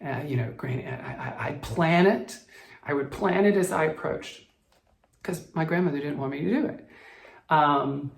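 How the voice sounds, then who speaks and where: A middle-aged man from the southern United States telling a personal story to camera, emotional and halting, often choked up and restarting his sentences. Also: a little high, vocal fry. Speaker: cross-stitch vlogger. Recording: echoey room, faint music behind.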